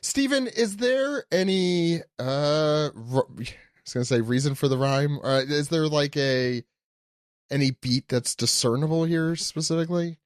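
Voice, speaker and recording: A man hosting a podcast, asking guests questions with stammers, laughs and quick interjections. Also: fairly high pitch, dry recording, studio quality. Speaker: podcast host. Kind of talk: casual podcast chat.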